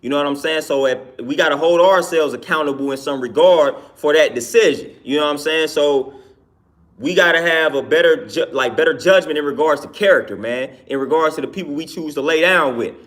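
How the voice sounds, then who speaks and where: A man's voice: fairly high pitch, fairly quick, fairly bright tone. A man, a personal trainer, giving an earnest casual monologue and often tagging his sentences with "man.". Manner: earnest, repeats "man" and "you know what I'm saying".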